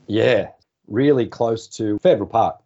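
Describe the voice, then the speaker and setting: An Australian man in his forties, a former sports journalist, telling relaxed anecdotes in a podcast interview. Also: on the low side, unhurried. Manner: relaxed, anecdotal, acts out quoted phone calls. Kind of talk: casual storytelling interview. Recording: slightly dull podcast audio.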